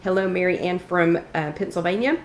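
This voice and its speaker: A woman's voice: on the low side, a little fast. A chatty woman hosts a casual live chat, stopping often to greet viewers by name. Her throat sounds a little scratchy from allergies. The room is echoey, with faint background noise. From East Tennessee. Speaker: host of a live wellness chat.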